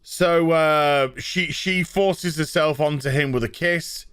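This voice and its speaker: A man's voice: on the high side, slow pace, fairly bright tone, clean tone, no room sound, studio quality. A man reviewing a show in an exasperated, sweary rant. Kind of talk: ranting review.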